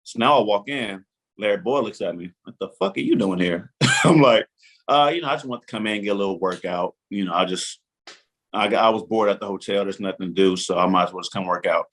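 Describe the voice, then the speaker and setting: A man in his forties with a fairly low voice tells a story as a podcast guest. He acts out his own racing thoughts and the lines of the people in it, jumping between narration and quoted speech. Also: quick pace, fairly bright tone. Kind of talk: animated storytelling.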